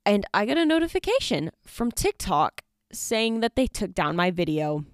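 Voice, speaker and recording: A woman's voice: on the low side, big pitch swings, unhurried, no room sound, studio quality. A woman in her twenties hosting a casual solo podcast, chatty and rambling with lots of fillers. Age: 20s. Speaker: podcast host. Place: dorm study room.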